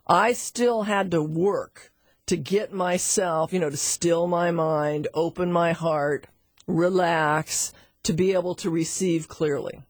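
A middle-aged woman teaching animal communication through a chatty, animated personal story, with frequent asides to her listener. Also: lowish voice, takes it slowly, no echo, clean studio sound. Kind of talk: storytelling lesson.

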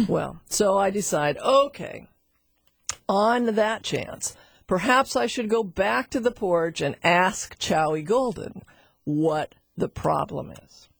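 A middle-aged woman tells a story as a lesson in a chatty, animated way, often turning to the listener. Her voice is husky, and the sound is close and dry. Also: medium pitch, slow pace, no echo. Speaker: animal communication teacher.

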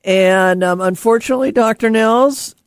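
A man's voice: high voice, moderate pace, smooth, no room sound, clean studio sound. A man hosting a casual chat, talking in a rambling way with many ums and restarts. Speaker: host.

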